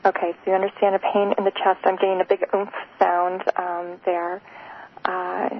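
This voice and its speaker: A woman hosting a live call-in radio show, giving psychic readings in a hesitant, soft, emotional way with many fillers. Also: fairly low pitch, level tone, normal speed. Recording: tinny phone-like radio sound, faint noise.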